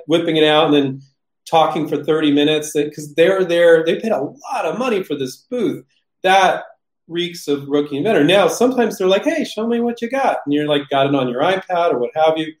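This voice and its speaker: Animated man in an echoey room. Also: on the high side. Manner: animated, acts out people in quick voices. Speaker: host answering viewer questions. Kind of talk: casual live Q&A. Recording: roomy echo.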